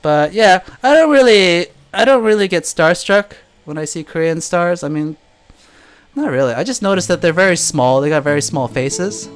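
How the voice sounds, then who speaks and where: A man's voice: high-pitched, expressive, moderate pace, clear, resonant tone, soft background music. A man answering viewer questions in a casual live chat, telling stories and laughing often. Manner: chatty storytelling, laughs often.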